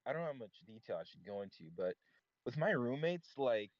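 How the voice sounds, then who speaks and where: A man's voice: mid-range voice, very animated, fairly quick, no echo. Young man, rambling casual talk, filler words, muffled lo-fi chat audio, dry. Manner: rambling storyteller, heavy filler "like". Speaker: caller on voice chat. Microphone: voice chat mic. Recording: dull lo-fi voice chat.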